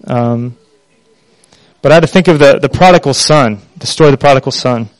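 A man preaching a sermon in an earnest, halting way, with many pauses and fillers. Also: medium pitch, dry recording, low-quality recording.

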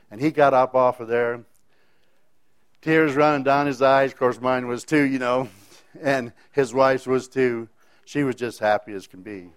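A man's voice: mid-range voice, fairly even intonation, moderate pace, clear, resonant tone. A man telling a personal faith testimony in a folksy, rambling way, often restarting his sentences. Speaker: speaker sharing a faith testimony.

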